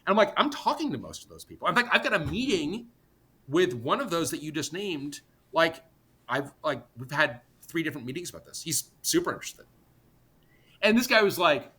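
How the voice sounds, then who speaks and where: A middle-aged man, a podcast guest, telling an animated story in an emphatic, exasperated way, blunt and sometimes profane, talking in rapid bursts full of restarts. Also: fairly high pitch, slightly rough. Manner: talks in rapid bursts with many restarts and fillers. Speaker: podcast guest, tech company co-founder.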